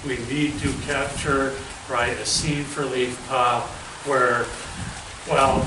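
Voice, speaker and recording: A man's voice: on the high side, noisy background. A man hosting a casual livestream, rambling and asking leading questions. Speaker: host. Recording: roomy, far from mic, rain behind.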